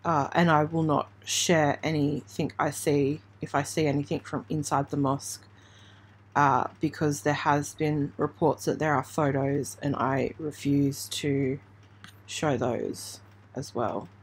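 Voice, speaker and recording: A woman from Australia hosting a true crime channel, giving halting, emotional live commentary on breaking news while trying not to cry. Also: low-pitched, little pitch movement, breathy edge. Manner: halting, emotional, hesitant with restarts. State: near tears.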